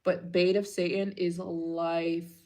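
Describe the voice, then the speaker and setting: A woman chatting casually on a livestream Q&A, her voice sitting a little lower than most. She talks in a gushing, chatty way, packed with filler words. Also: level tone, normal speed, warm tone. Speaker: travel channel host.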